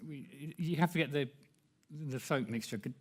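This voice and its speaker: A man's voice: mid-range voice, moderate pace. A man assisting at a live science demonstration, heard from off mic, tossing in brief offhand asides.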